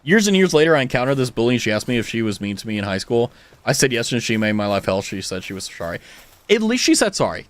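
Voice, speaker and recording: Speaking fast at a medium pitch, a young American man with a General American accent spins stories for his stream's viewers. The chat is casual and animated, with frequent swearing and many fillers.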